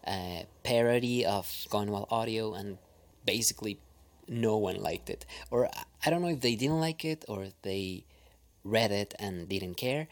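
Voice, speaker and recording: Hesitant man with a Spanish accent. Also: fairly low pitch. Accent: Spanish-speaking. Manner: hesitant, full of pauses and restarts, drops to a soft near-whisper. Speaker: audio creator. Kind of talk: casual reflective monologue.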